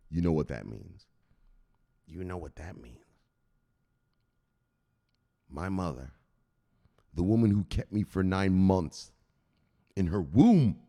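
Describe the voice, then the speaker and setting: A man's voice: sits low, in a large hall. A man hosting a crypto news channel, telling a comic story and acting out scenes. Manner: animated, acts out scenes, laughs at own jokes.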